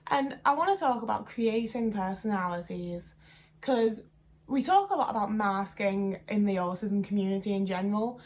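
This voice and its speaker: A woman's voice: mid-range voice, normal speed, a little mellow. A woman in her twenties talking to camera in a casual vlog, chatty and rambling with lots of fillers and self-deprecating asides. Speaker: vlogger.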